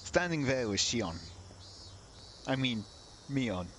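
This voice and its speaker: A man's voice: mid-range voice, lively intonation, slow pace, fairly bright tone, slight background noise, rough recording. A man reading a visual novel's narration aloud during a let's play, breaking off into wry, casual comments. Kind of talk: reading game text aloud with casual asides.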